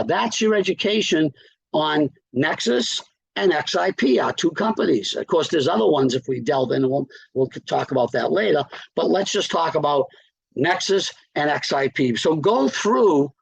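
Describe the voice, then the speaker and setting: A man leads a team training in an upbeat, encouraging way, pausing often to check that listeners are following. His voice sits fairly high and has a gravelly edge. The recording is dry and close, with no room sound. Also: dry recording, poor audio. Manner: upbeat, keeps checking in with "okay?". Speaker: business trainer. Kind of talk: coaching presentation.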